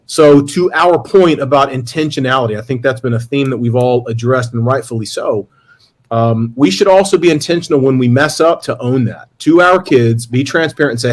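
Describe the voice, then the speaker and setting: A man's voice: fairly high pitch, expressive, normal speed. A middle-aged man hosting a talk show, earnestly telling a confessional family story and acting out both sides of the exchange. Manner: earnest, confessional, quotes himself and his son. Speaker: podcast host. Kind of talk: candid storytelling to a panel.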